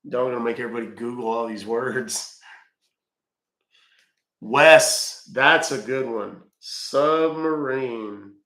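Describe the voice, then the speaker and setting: A man's voice: medium pitch, takes it slowly, bright, forceful tone, roomy sound. A man hosting a live stream, chatting casually and joking as he reads viewer comments aloud. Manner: chatty, joking, talks to chat.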